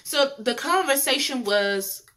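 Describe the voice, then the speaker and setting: A woman's voice: high-pitched, lively intonation, a little slow, bright, forceful tone. A young woman talks through a reality show episode. She is chatty and opinionated, repeats phrases and laughs often. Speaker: reality TV reviewer. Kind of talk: casual chat.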